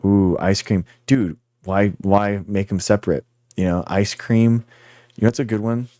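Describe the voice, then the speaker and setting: A man hosts a livestream with a low, mellow voice, chatting loosely and rambling as he answers his viewers directly. The sound is dry and close, with no room echo. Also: fairly even intonation, moderate pace. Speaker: livestream host. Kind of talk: casual livestream chat with viewers.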